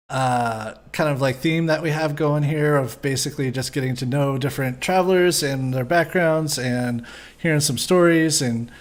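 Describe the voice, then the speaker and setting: A man hosting a casual live podcast, rambling and self-deprecating, laughing often as he sets things up. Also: fairly high pitch. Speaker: podcast host.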